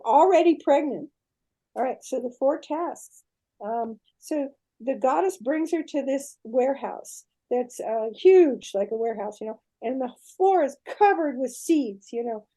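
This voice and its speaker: An older woman, a guest on a podcast interview, retelling a myth in an animated way and often checking in with her listener. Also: sits high, measured pace.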